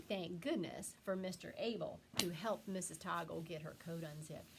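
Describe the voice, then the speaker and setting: A woman's voice: fairly low pitch, normal speed, vocal fry, few pauses, slight background noise. Encouraging woman teacher reading aloud. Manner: warm, expressive and encouraging. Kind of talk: reading a picture book to young children.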